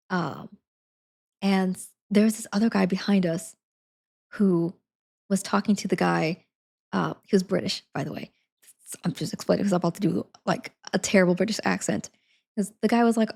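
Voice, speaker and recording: A woman's voice: mid-range voice, steady tone, normal speed, vocal fry, a little mellow. A young woman streamer telling a story in casual chat, full of fillers, acting out what people said. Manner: chatty, many fillers, acts out quotes.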